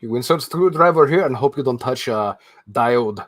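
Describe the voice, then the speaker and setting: A man voicing a deadpan male sidekick with clipped broken English. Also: mid-range voice, moderate pace, dry recording, studio quality, natural voice.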